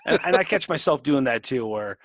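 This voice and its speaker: A man's voice: medium pitch, expressive, fairly quick, a bit bright, dry recording. Rambling man co-hosting a podcast. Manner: rambling, restarts often. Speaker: podcast co-host. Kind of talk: casual chat.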